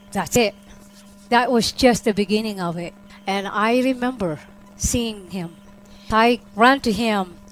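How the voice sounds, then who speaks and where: A woman with a somewhat high voice tells her personal testimony to a gathered audience. She acts out her own quoted lines with spirit, then lowers to a soft hush for the tender moments. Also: poor audio. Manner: drops to a soft hush when describing the vision. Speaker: testimony speaker.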